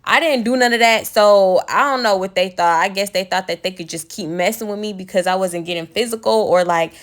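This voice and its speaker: A young woman telling a personal story to the camera in a casual, candid, animated way, with frequent swearing. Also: medium pitch, fairly quick. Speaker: storytime vlogger.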